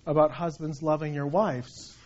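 Middle-aged male pastor with a high voice, animated anecdotal preaching; muffled lo-fi recording. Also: moderate pace. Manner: conversational, animated storytelling with restarts. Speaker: senior pastor. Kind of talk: sermon. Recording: dull lo-fi sound.

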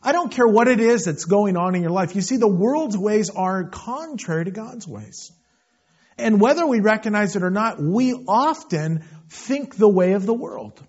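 Man preaching, high husky voice, earnest swings between loud and quiet, dull lo-fi recording. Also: expressive, normal speed. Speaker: pastor. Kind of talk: sermon.

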